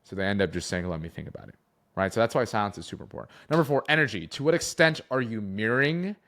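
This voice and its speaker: Lower-voiced male sales coach. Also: quick pace. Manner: animated, shifts emphasis and pace for effect. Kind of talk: coaching talk to camera.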